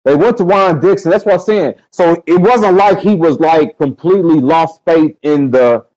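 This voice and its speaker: A man ranting to his live viewers, heated and profane. His voice is mellow and dark, pitched a little high for a man, and the sound is dull and lo-fi. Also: moderate pace. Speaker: live stream host. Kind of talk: casual commentary to a live audience.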